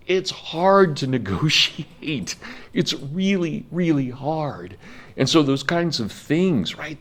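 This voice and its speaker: A man in his fifties giving a college history lecture, speaking with passion and emphasis and talking directly to his students. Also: mid-range voice. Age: 50s. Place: classroom.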